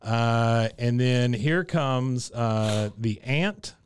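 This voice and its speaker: A man's voice: medium pitch, drawn-out words, clear, resonant tone. A man co-hosting a podcast, casually retelling a cartoon episode scene by scene, with frequent laughs. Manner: laughs often, lots of fillers while retelling scenes. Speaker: podcast co-host.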